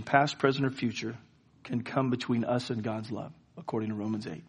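A man's voice: mid-range voice, fairly bright tone. A man preaching a sermon, telling a story and rising to fervent pleas. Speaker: pastor.

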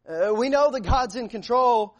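A high-pitched man preaching to his congregation in an earnest, searching way. He stumbles and restarts often, filling pauses with "uh" as he works through the passage. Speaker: pastor. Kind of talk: sermon.

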